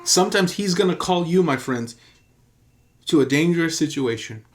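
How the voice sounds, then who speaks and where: Man, pastor, teaching sermon, emphatic storytelling, somewhat high-pitched voice. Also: expressive, normal speed. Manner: repeats key phrases for emphasis.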